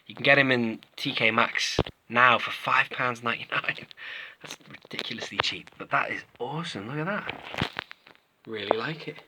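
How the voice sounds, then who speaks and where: In his late thirties and British, this toy collector vlogger opens and reviews toys while talking enthusiastically and rambling. His mid-range voice moves at a moderate pace against a noisy background.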